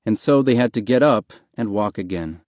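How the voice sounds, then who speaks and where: A man narrating an audiobook in a calm, even, measured reading voice. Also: lowish voice, no echo, studio quality.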